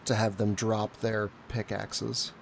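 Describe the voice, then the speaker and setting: Male player, low gravelly voice, very slow and deliberate, tabletop game. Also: level tone, a little hiss or hum. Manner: slow, deliberate, thinking out loud.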